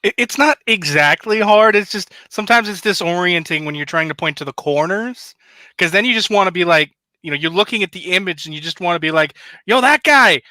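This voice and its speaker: A man's voice: high voice, brisk, sharp tone, no echo. A man in his thirties on a casual panel video call, explaining things in a wry, patient way. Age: 30s.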